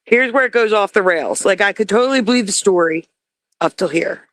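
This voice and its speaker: A woman hosts a live reaction stream in a chatty, doubting way. Her voice sits at a middle pitch. The sound is dry and close, with no room around it. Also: expressive, a little fast, a bit bright, no echo. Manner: chatty, skeptical, reads chat aloud. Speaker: host reacting to videos. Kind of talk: casual live-stream commentary.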